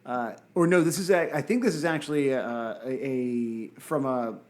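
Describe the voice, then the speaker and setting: A man's voice: medium pitch, moderate pace. A young man hosting a podcast in casual chat, rambling and swearing and restarting his sentences often. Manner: rambling, profane, restarts a lot. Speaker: podcast host.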